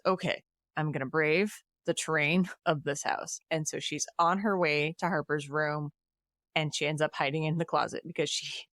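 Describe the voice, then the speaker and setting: A woman's voice: low voice, dry recording, studio quality. A woman podcast host casually recapping a movie plot, acting out the characters' lines. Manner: animated retelling with acted quotes.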